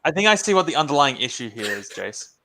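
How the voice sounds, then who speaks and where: A man's voice: mid-range voice, big pitch swings, fast talker, sharp tone. A man joining a casual podcast chat, making dry teasing remarks.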